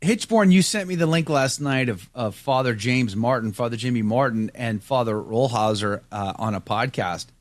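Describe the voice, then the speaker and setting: A man's voice: mid-range voice, lively intonation, normal speed, few pauses, dry recording. A man hosting a casual talk show, joking and reading listener comments aloud. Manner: jokey, reads listener comments aloud with laughs. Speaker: show host.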